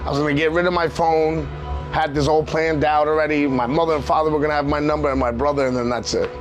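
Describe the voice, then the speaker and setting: A man in his thirties from New York, a professional wrestler guest, shares his own story with open emotion, rambling, circling back and saying "you know what I mean" a lot. His voice is fairly high for a man, fast and flat in pitch, and the recording is muffled with faint music behind.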